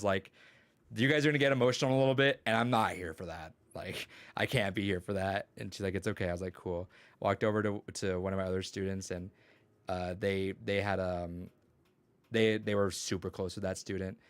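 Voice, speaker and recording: Young man, lowish voice, dry close sound, casual rambling storyteller, swears a lot. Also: no room sound. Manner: rambling, profane, storytelling with quoted dialogue. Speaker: podcast co-host and teacher. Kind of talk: casual chat.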